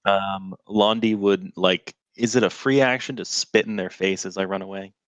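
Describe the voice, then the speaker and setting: Brief: brash male tabletop player, low voice, muffled close recording. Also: steady tone, moderate pace, a bit bright, no echo. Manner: brash, jokey player chatter. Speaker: guest player. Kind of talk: playing a tabletop game. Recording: dull lo-fi dry recording.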